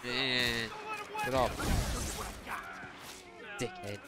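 A man's voice: medium pitch, steady tone, extremely slow. A young man commenting on his gameplay, irritable and grumbling, swearing at the game. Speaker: gaming streamer.

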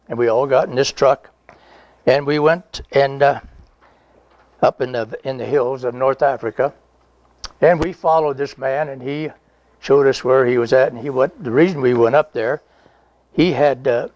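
A man's voice: medium pitch, a little mellow, dry recording. A man in his nineties, a veteran being interviewed, telling a rambling, folksy story with chuckles and reenacted dialogue. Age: 90s. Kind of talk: conversational oral history storytelling.

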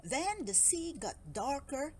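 Lady reading a bedtime story, high sing-song voice, slow and super animated. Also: very noisy. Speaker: children's book reader. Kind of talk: read-aloud storytelling.

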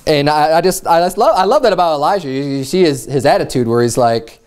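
Guy preaching a sermon, kinda high voice, retells the story loose and casual, jumps way up when he acts out the mocking bits. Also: fast talker, clean tone. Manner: animated storytelling, mocking quotes in raised voice.

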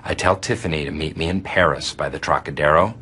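A man telling a comic crime story in short, deadpan, clipped sentences. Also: very deep voice, quick pace, a little hiss or hum.

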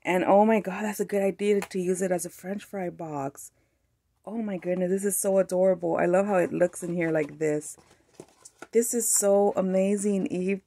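A woman with a Mexican-American accent excitedly chatting as a craft channel host, gushing over a mail package. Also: mid-range voice, moderate pace, gravelly, a little hiss or hum. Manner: gushing, excited, frequent laughs. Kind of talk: casual unboxing chat.

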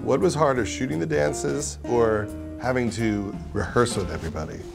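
A man's voice: medium pitch, moderate pace, creaky, over music. A man leading a casual roundtable and asking his film's cast dry, teasing questions. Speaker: interviewer and director of the film.

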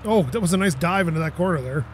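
A man gives casual gameplay commentary from his home setup, close on a desk mic. His voice sits high and swings widely as he gets excited. He laughs easily, curses at the game and talks to things on screen as if they could hear him. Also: fast, slight background noise. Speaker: gaming YouTuber.

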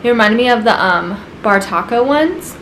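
A woman's voice: a little high, lively intonation, normal speed, fairly bright tone. Chatty young woman vlogging in an echoey room. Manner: chatty, many "like" fillers, talks to her dogs. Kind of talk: casual vlog chat to camera. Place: apartment at home. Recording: echoey room, noisy background.

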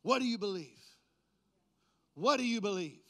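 A man with a high-pitched voice delivers a sermon. He moves between low, conversational talk and loud, stretched-out proclamations, teasing his listeners along the way. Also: animated, moderate pace. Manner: playful, jokes with the congregation. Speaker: preacher.

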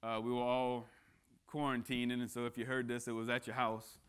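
A man's voice: medium pitch, completely flat delivery, a little fast, fairly bright tone, smooth. A man speaking as a guest at church, preaching a casual sermon that mixes jokes with earnest appeals and frequent restarts. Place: church sanctuary.

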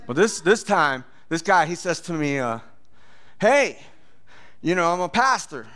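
A pastor telling his testimony in a sermon, animated, acting out voices and often laughing. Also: fairly high pitch, measured pace.

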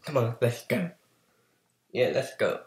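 A man's voice: mid-range voice, lively intonation, slow pace. A man casually commenting on a cartoon episode, chatty and playful. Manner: chatty, playful, mimics characters. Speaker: reaction video host. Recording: echoey room.

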